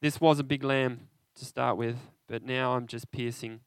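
A man preaching an interactive sermon, animated and conversational, often asking his listeners questions. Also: mid-range voice, normal speed, smooth, dry recording.

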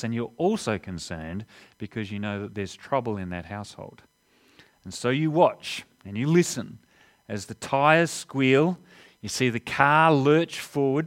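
A man preaching a sermon, telling a story with emphatic pauses as he goes. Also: mid-range voice, fairly bright tone. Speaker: pastor.

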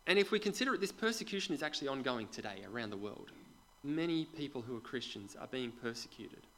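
A man of middle pitch delivers a sermon in a church, talking to the congregation like a conversation. He puts questions straight to the people listening and often drops into soft, quiet asides. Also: big pitch swings, fast, poor audio. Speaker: preacher.

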